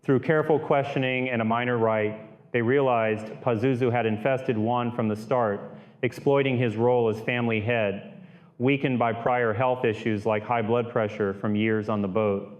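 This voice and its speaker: A man narrating a true-crime style horror audiobook in a steady, grave storytelling voice. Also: mid-range voice, normal speed, muffled recording.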